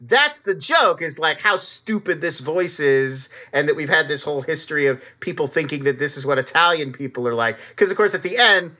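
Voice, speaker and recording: A man co-hosting a podcast in casual chat, animated and quick to slip into silly character voices. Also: a little high. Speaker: podcast co-host.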